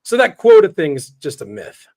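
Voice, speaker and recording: High-voiced male talk-show host. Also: very animated, moderate pace, a little mellow. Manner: brief supportive interjections. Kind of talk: casual interview chat.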